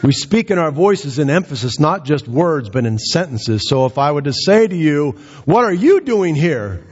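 A man preaching a sermon as pastor, rising in pitch to act out quoted lines with dramatic emphasis. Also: animated, moderate pace, husky. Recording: dull, muffled sound.

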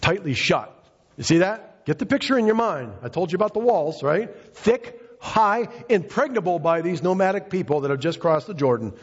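A man's voice: high-pitched, big pitch swings, moderate pace, husky. A male pastor preaching a fervent, emphatic sermon in a church, often repeating his phrases for emphasis. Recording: reverberant hall, dull lo-fi sound.

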